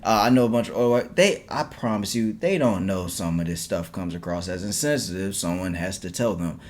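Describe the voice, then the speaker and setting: A man co-hosting a podcast in casual chat, animated and often laughing, with many restarts. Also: sits low, brisk. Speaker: podcast co-host.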